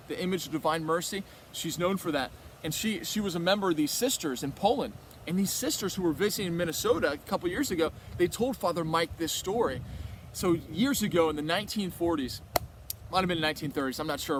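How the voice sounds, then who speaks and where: A man with a fairly high voice speaks to a retreat group in a loose, chatty way. He retells a story through restarts and quoted snatches of dialogue, keeping the tone of a relaxed faith talk. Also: slight background noise. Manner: conversational, rambling, with many restarts and quoted dialogue.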